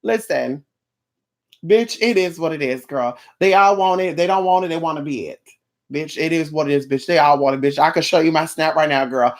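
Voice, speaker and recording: A woman's voice: low voice, a little fast. A woman ranting in a casual vlog, sassy and blunt, with plenty of profanity and mocking asides. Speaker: vlogger.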